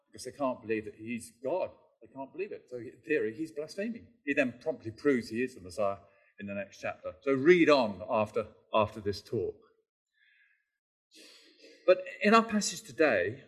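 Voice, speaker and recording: A man preaching a sermon in a conversational, emphatic way, repeating key phrases and asking tag questions. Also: mid-range voice.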